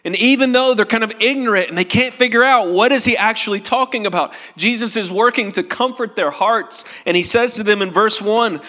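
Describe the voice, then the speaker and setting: A man's voice: high voice, moderate pace, pushed and bright, in a large hall. A male pastor preaching a sermon in an earnest, tender way, in a church sanctuary.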